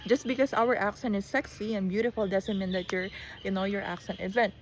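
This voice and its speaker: A woman with a Filipino accent talks straight to her audience in a loose, rambling way. She has just woken up, and she keeps restarting her sentences and circling back with fillers. Her pitch sits in the middle range, and there is a faint hiss behind her. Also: steady tone, fairly quick. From Philippines. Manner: rambling, frequent restarts and fillers, mixes in Tagalog phrases. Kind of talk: casual rambling monologue.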